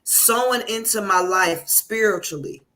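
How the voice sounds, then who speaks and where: Woman, bright voice, effusive testimonial guest, emotional. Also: mid-range voice, unhurried. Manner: fervent, effusive, praising God. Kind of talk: emotional testimonial on a live call.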